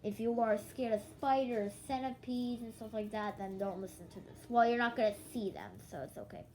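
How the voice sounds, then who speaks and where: A woman's voice: fairly high pitch, moderate pace, darkish tone, rough recording. A young woman rambles through a story from home, her voice sleepy and yawning. She stumbles and restarts often, slipping into quoted back-and-forth as she acts out what others said. A faint hum of room ambience sits underneath. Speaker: vlogger.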